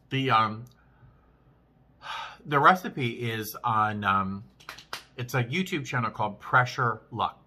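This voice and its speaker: A man casually vlogging while eating, chatting with frequent restarts and pauses to chew. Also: mid-range voice, sharp tone. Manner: chatty, chewing between sentences; rambling with many restarts. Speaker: vlogger, flight attendant.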